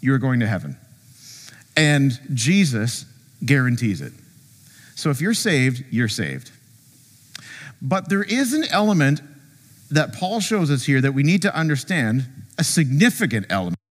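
A man preaching a sermon as pastor, conversational and animated, joking with the congregation and acting out quotes. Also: mid-range voice, a little slow, long pauses, long reverb tail. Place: church sanctuary.

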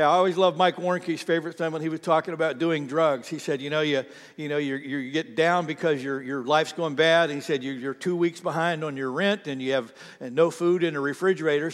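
A man with a high, light voice delivers a sermon, telling stories with lively energy and speaking directly to the congregation. His words ring out with a long reverb, as if recorded live in a large hall. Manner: animated storytelling, talks straight to the congregation. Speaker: pastor.

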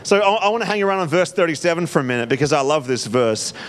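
Animated male preacher. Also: a little high, fast. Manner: animated, acts out reactions with laughs. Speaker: pastor. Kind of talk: sermon.

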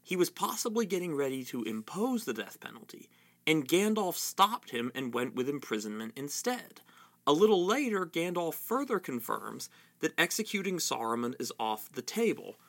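Guy doing quiet analytical commentary, bright voice, lots of pitch movement. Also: very animated, normal speed, creaky. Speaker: essayist. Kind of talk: reading quotes and commentary.

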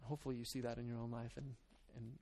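A male pastor preaches in an earnest, conversational way, stopping and restarting his thoughts as he goes. His voice sits at an ordinary middle pitch. He moves between reading scripture and talking plainly to his congregation. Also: flat delivery, rapid-fire, mellow, slight background noise. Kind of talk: sermon.

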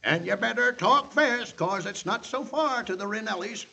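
An actor playing a stubborn, duty-bound frontier town marshal with a folksy drawl in a 1940s radio drama, in a dull old radio recording. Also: male voice, sits high, expressive, moderate pace, gravelly, sharp tone, slightly rough, full character voice. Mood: stern.

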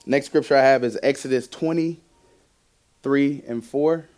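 A young man preaching a sermon with a personal testimony, animated, laughing often and shifting from loud to hushed. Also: medium pitch, measured pace, smooth.

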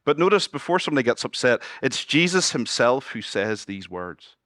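A man preaching a sermon as pastor, moving between loud exclamations and hushed, low passages and asking his congregation questions. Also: very animated, moderate pace, no room sound, studio quality. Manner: asks the congregation questions and jokes with them. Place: church.

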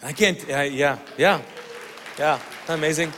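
A man telling a personal testimony to an audience, animated and comic as he acts out the dialogue. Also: on the high side, moderate pace, long reverb tail, crowd noise, background noise. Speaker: speaker sharing a testimony.

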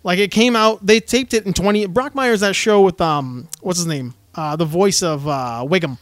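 Man, high voice, chatty, laughs a lot, dry close sound. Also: moderate pace, no echo. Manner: chatty, laughs easily, explains. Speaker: podcast co-host. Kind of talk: casual chat.

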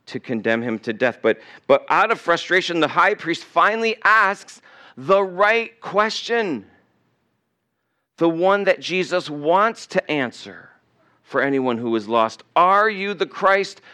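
A male pastor preaches unhurriedly in a fairly high, animated voice. He swings between loud emphasis and hushed asides.

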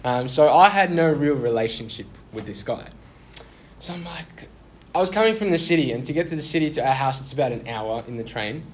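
A man's voice: on the high side, animated, a little fast, a little hiss or hum. A young man telling a personal story in a casual sermon, chatty and self-deprecating. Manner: chatty, self-deprecating, laughs through awkward moments.

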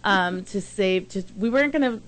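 A woman's voice: medium pitch, normal speed, fairly bright tone. A woman co-hosting a casual chat show and telling stories in a chatty, emphatic way. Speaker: co-host.

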